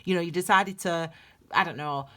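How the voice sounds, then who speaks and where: A woman's voice: on the low side, moderate pace, a bit bright. A middle-aged woman giving a casual tarot reading, rambling and digressing with many restarts. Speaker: tarot reader.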